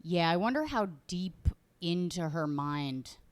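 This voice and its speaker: A woman hosting a comedy podcast from home throws in dry wisecracks and quick jabs. Her voice sits on the low side, smooth and clear. The mic is close, with no room sound. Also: expressive, no echo. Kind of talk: casual comedic banter.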